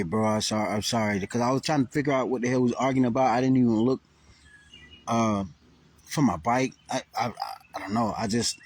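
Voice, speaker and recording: A man casually telling a rambling, profane story to camera with lots of restarts and fillers. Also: medium pitch. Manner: rambling, profane, animated retelling with many restarts. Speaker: vlogger. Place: near Burlington, Vermont.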